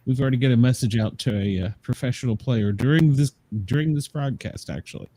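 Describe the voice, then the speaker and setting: A man co-hosting a casual sports podcast with a wry manner, tossing in quick jokes. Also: mid-range voice, dark tone, dry recording, poor audio. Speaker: podcast co-host.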